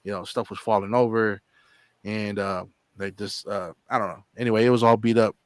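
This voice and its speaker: A man's voice: on the low side, steady tone, a little fast, no room sound, clean studio sound. A man hosting his own channel, telling a long rambling story in casual chat, repeating words and acting out what people said. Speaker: channel host.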